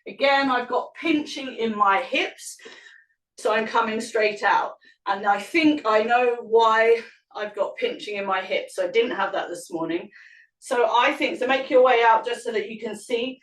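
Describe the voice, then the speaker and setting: A woman's voice: fairly high pitch, measured pace. A woman yoga teacher leading an online class, cueing poses and breaths and explaining as she moves, a little out of breath. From England. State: slightly out of breath. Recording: echoey room, mic at a distance.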